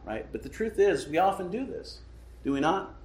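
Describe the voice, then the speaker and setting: A man's voice: high-pitched, lively intonation, moderate pace, noisy background. A man preaching a sermon, emphatic, often asking rhetorical questions and checking in with "right?". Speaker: pastor. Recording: echoey room.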